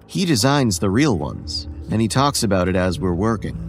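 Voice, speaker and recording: A weary, ageless boy tells his story, as a man narrates it. The low voice stays quiet, measured and tired, like horror storytelling on a podcast. Soft music sits faintly behind it. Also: lively intonation, close to an everyday voice. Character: weary, homeless boy who looks about eleven.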